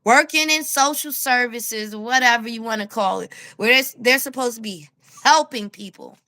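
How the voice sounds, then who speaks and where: A woman with a New York accent ranting to camera as a street vlogger, animated and blunt, laughing as she tells her story. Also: on the high side, moderate pace. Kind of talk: casual rant to camera.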